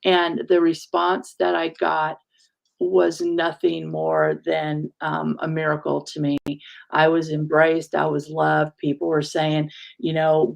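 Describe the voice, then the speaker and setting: Gravelly-voiced woman, halting and heartfelt. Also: deep voice, completely flat delivery. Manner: halting, searching for words, emotional. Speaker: minister and show host. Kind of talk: casual heartfelt conversation.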